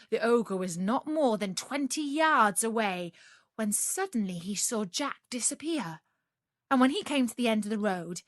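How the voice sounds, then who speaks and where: A woman reading a fairy tale aloud for English learners, slow and expressive. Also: medium pitch, no echo, clean studio sound. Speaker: storyteller. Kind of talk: storybook narration for English learners.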